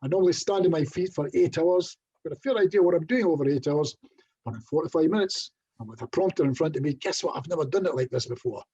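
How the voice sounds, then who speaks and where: A man's voice: a little high, quick pace, warm tone, husky, lo-fi sound. A middle-aged Scottish man giving a casual online presentation as a hypnotherapist, chatty and self-deprecating, with little jokes. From Scotland.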